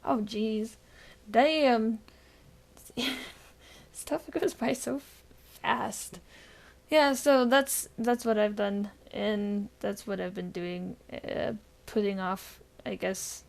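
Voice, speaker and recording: Tired gravelly-voiced woman podcast co-host. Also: a little high, very slow. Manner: tired, deadpan delivery; rambling with frequent fillers and laughs. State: recovering from illness. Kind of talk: casual podcast chat.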